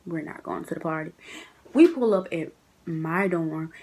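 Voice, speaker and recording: A young woman recounts a story for her viewers in a loose, chatty way. She is animated, throws in asides to the audience, and speaks at a middle pitch. A faint background hiss sits under the camera-mic sound. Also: moderate pace, rough recording. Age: young adult. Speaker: vlogger. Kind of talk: casual storytime.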